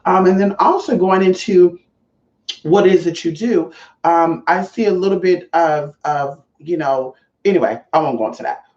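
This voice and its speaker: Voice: medium pitch, moderate pace, darkish tone. A sassy, profane spiritual vlogger chatting casually straight to viewers and calling them y'all. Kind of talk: casual vlog monologue. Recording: roomy, slightly dull sound.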